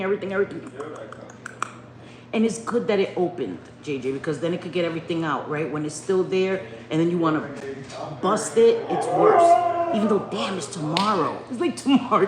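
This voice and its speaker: A middle-aged woman chatting casually on a home live stream, loud and swearing, laughing a lot. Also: mid-range voice, expressive, fairly quick. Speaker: livestream host. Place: home bedroom at night. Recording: echoey room with faint noise.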